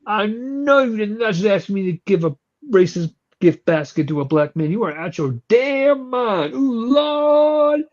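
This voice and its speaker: An indignant hotel desk clerk woman scolds loudly and theatrically, put on by a man in a raised voice. She sounds sassy and fed up. The sound is slightly muffled and lo-fi. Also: high-pitched, a little slow, voice pushed up.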